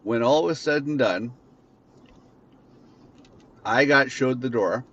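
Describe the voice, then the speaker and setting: A man in a car vents on his podcast, swearing and ranting bitterly without a script. His mid-range voice is a bit bright, and he speaks slowly. Faint noise sits under the dull, lo-fi recording.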